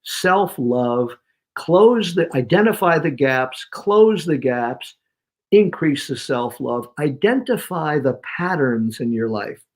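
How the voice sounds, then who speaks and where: A man's voice: fairly high pitch, takes it slowly. A man from New York, a guest on an interview show, giving punchy, emphatic motivational talk. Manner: energetic, emphatic, punchy repetitions. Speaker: guest speaker.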